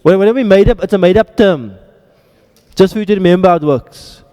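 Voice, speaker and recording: A male teacher leads a classroom lecture with a high, mellow voice. He quizzes the students and drops playful jokes between drills. A long reverb hangs on every word. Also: fast talker. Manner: quizzing students, joking asides. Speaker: Arabic grammar teacher.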